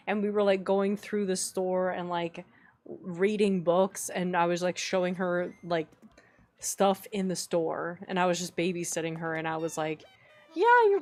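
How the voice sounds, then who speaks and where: A woman streaming and chatting casually with her viewers, playful and laughing often, her voice a little rough. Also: mid-range voice. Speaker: streamer reading chat. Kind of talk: casual live-stream chat.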